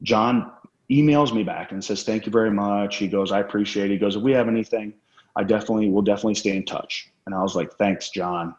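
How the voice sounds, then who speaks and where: Low-voiced man telling candid stories. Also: quick pace. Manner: candid, profane, rambling anecdotes. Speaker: interview guest. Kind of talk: casual storytelling interview. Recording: roomy, dull lo-fi sound.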